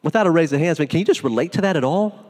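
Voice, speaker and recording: A man's voice: on the high side, lively intonation, very fast, darkish tone, in a large hall. A man preaching a sermon as pastor, in an informal, conversational way that is full of asides.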